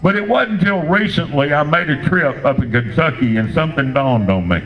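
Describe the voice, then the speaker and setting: An older man with a drawl works a club crowd through a standup set. His voice sits a little high for a man, and he tells crude, rambling stories in a dry deadpan. The recording is dull and lo-fi. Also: fairly quick. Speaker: standup comedian.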